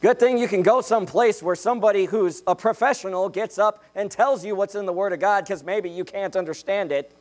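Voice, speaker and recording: A young man preaching a sermon in a jokey, animated way, checking in with "okay?" after each point. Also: sits high, fairly quick.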